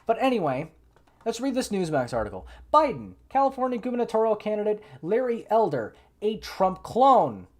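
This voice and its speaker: A man's voice: high voice, sing-song, normal speed. Male stream host, political commentary; sarcastic, exasperated, loose and unscripted with frequent restarts. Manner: thinks aloud with frequent restarts.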